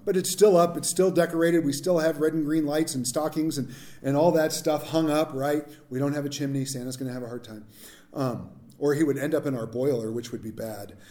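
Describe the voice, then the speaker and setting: A man preaching a sermon as pastor, mixing jokes and asides with scripture. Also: mid-range voice. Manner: jokey, animated preaching with asides.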